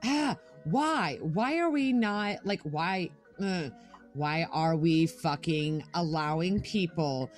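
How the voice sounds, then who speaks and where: A woman's voice: fairly low pitch, slow pace, faint music behind. A young adult woman co-hosting a podcast, ranting angrily with lots of swearing in casual chat. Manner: angry, profane ranting. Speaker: podcast co-host.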